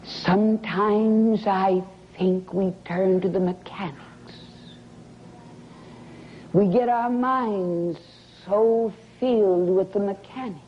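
A woman preacher delivering a sermon in a slow, dramatic way, often dropping into a whisper for effect. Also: mid-range voice, steady tone. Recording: dull lo-fi recording with faint hiss.

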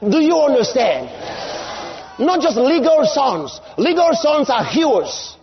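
Male preacher, high and animated voice, emphatic and repetitive, dull live-sermon recording. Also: slow. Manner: emphatic, repeats lines, rises to shouts.

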